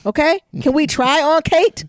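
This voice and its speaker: A young woman from Detroit co-hosting a podcast in casual, profane chat with lively asides. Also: high voice, normal speed, dry recording, studio quality. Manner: animated, profane, laughing asides. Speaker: podcast co-host.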